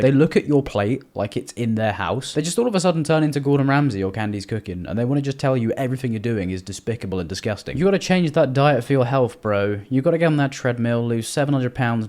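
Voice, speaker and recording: A man's voice: mid-range voice, a little mellow. A man giving comedic, sarcastic commentary as he reads out messages and mocks them. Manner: sarcastic, mocking, reads messages aloud in put-on voices. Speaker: YouTuber reacting to messages.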